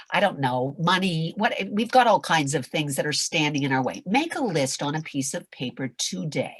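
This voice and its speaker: An older woman coaching performers in an animated chat, theatrical and shifting between soft whispers and loud outbursts. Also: lowish voice, no room sound. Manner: theatrical, swings from whispers to shouts.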